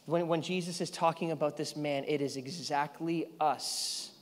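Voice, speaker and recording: A man in his thirties, a pastor preaching a sermon, telling a story with lively energy, sometimes yelling and laughing. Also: a little high, normal speed. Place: large church hall. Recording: church hall reverb.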